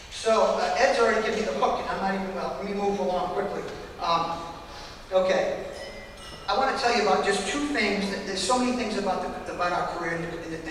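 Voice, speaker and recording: A man's voice: high voice, fairly bright tone, distant mic, slight background noise. Older man, heartfelt speech in an echoey hall. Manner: heartfelt, emotional. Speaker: retired baseball coach. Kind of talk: hall of fame acceptance speech. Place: large event hall.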